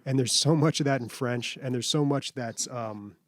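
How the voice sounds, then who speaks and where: A young man with a mid-range voice and normal speed co-hosts a gaming podcast. His casual chat rambles, is heavy with fillers, and breaks into laughter often.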